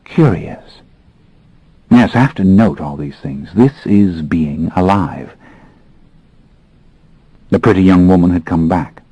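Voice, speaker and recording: A man narrating an audiobook in the first person, with a brooding, measured delivery and expressive pacing. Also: low-pitched, dry recording, rough recording.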